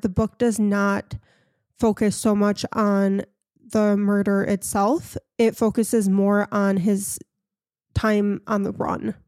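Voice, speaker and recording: A woman's voice: medium pitch, darkish tone, no echo, clean studio sound. A woman hosting a casual podcast, frank and opinionated, telling a story to her co-host.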